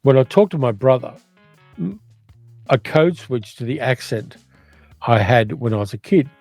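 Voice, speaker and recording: Older man, educated Australian accent, casual livestream host, reads chat aloud, mellow dark tone, dry close sound. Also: medium pitch, animated, moderate pace, dry recording, faint music behind. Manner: chatty, reads viewer comments aloud and muses on them. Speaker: movie channel host reading live chat.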